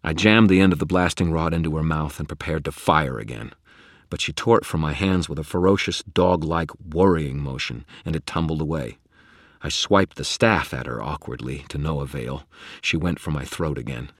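A man narrating a first-person fantasy audiobook in a measured, dramatic way. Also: very deep voice, no echo, clean studio sound.

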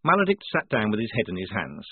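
Male audiobook narrator, wry, lively pitch, dry close sound, narrow lo-fi band. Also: fast talker, breathy edge, no room sound. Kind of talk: scripted narration.

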